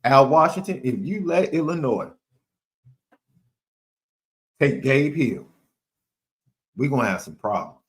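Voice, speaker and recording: This man co-hosts a sports podcast, and his medium-pitched, expressive voice moves at normal speed. The talk is animated, with emphatic delivery and phrases repeated for effect.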